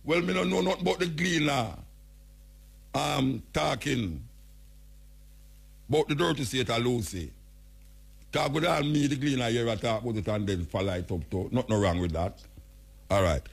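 Gravelly Jamaican man, blunt radio host. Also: mid-range voice, moderate pace, long pauses. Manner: blunt, emphatic, addresses officials directly. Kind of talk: radio talk commentary.

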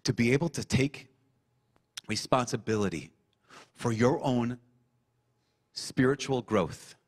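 A priest preaching to a young audience, impassioned and repeating phrases for emphasis, then slowing into a soft prayer. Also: male voice, medium pitch.

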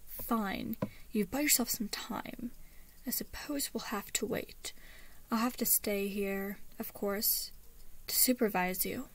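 A woman doing an eccentric middle-aged uncle in a storybook reading, scheming yet fond, spoken softly and slowly. The voice stays near her own middling pitch, hushed more than deepened.

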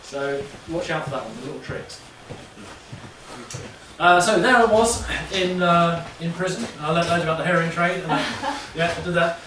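A man with a fairly high voice talks to a live audience, rambling and chatty, checking in with "yeah?" again and again. He is recorded from a distance in an echoey room. A faint hiss sits behind him. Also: normal speed, fairly bright tone. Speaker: speaker. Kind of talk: casual talk to a live audience.

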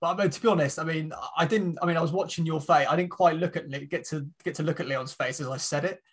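A man's voice: fairly high pitch, fast, husky. A British man hosting a podcast, friendly and a little hesitant, often restarting his sentences. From United Kingdom. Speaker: podcast host. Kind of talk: casual podcast chat.

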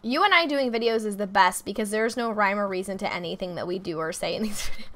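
Bright-voiced playful woman gaming. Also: mid-range voice, fast. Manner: playful, teasing. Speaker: Minecraft let's play host. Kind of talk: casual gameplay chat.

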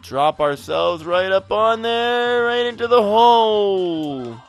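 A man's voice: high voice, animated, slow pace, soft background music. A man giving casual gameplay commentary, frustrated and profane, rambling while a bit tipsy. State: tipsy from drinking. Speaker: let's play gamer.

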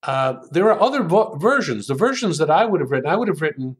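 A man's voice: on the high side, big pitch swings, fast talker. An older American man, an author and writing coach, talking through examples in a conversational interview, thoughtful and hesitant with frequent ums, lingering over quoted lines.

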